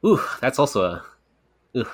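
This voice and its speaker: A man's voice: medium pitch, sing-song, normal speed. A man co-hosting a casual podcast, talking in a rambling, candid way with casual swearing. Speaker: podcast co-creator and host.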